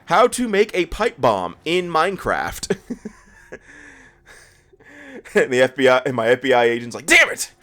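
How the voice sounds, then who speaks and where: A man's voice: medium pitch, big pitch swings, unhurried, pauses often, a bit bright. A tired man just out of bed, rambling and stammering through casual gameplay commentary as a let's play host. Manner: rambling, self-deprecating, stammers and laughs.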